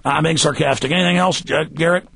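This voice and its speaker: A man hosting a talk radio show, ranting emphatically and sometimes rising to a shout. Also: a little high, fairly even intonation, fast talker, vocal fry, husky. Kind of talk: heated talk radio rant.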